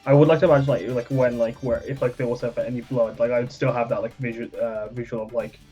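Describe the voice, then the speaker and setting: A man plays a tabletop role-playing game, thinking aloud hesitantly and filling his sentences with fillers. The audio is a bit muffled, with quiet music underneath. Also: medium pitch, flat delivery, quick pace. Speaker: player.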